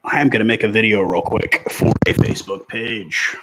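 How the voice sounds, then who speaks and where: A man's voice: lowish voice, moderate pace, very noisy. A man in his forties chatting casually and rambling through live rugby commentary on a stream. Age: 40s. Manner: rambling, conversational, filler-heavy.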